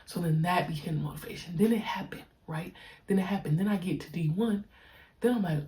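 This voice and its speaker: Young woman podcaster, deep low voice, laid-back slangy monologue, drags out words. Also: dark tone. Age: young adult. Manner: slangy, stretches key words slowly. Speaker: podcast host, pro basketball player. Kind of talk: casual reflective monologue.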